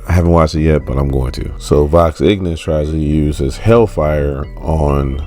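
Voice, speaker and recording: A man's voice: very deep voice, moderate pace, mellow, faint music behind. A man casually recapping a comic book story, chatty and laughing often as he loosely retells the characters' lines.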